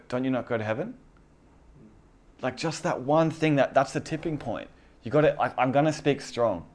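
A man's voice: mid-range voice, a little mellow. A man preaching a casual sermon to a small group, earnest and conversational, often repeating himself. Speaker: pastor.

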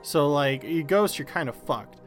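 Lively, animated man reacting to a story. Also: fairly high pitch, normal speed, faint music behind. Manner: reactive, swears, lively questioning. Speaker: podcast co-host. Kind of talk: casual chat.

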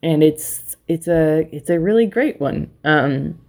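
Low-voiced young woman hosting a casual chat. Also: animated, mellow. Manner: laughs often, quick asides, acts out quotes. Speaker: podcast host.

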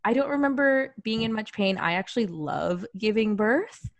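Chatting casually, a thirty-something woman shares a personal story with lots of laughter and animated self-deprecation. She speaks at a moderate pace in a mid-range voice, with no echo.

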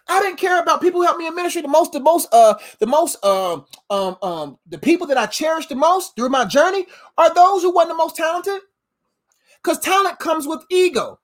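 A tired preacher delivering an informal sermon in an animated, slang-filled way, often laughing. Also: extremely high pitch, a little fast.

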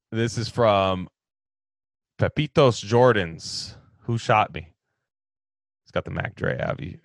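Guy ranting about his football team on a fan q&a show, kinda low voice, dry sound, gets loud then mutters. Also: vocal fry, no echo. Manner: animated, ranting, swings between loud outbursts and low mutters. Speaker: sports podcast host answering fan questions. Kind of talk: casual sports chat.

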